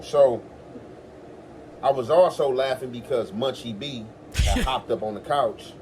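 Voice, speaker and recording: A man's voice: medium pitch, unhurried, darkish tone, a little hiss or hum. A man hosting his own commentary show, talking back to a podcast clip in a defensive, insistent way and acting out what others said. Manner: defensive, insistent, acts out quotes. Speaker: host.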